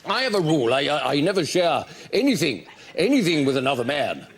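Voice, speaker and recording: A man's voice: fairly high pitch, big pitch swings, fairly quick. A man improvising voiceover impressions of posh, greedy, boastful British male politicians. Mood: blustering. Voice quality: plummy, blustering. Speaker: comedy panelist. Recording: noisy studio with audience laughter.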